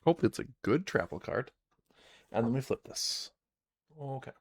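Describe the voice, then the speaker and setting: A man narrating his solo fantasy tabletop game for a live stream, reading out the game text and musing about his moves in a chatty way. His voice is gravelly, with a lively, moving pitch. The sound is close and dry. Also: moderate pace, no echo. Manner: chatty, reads game text aloud and muses to himself.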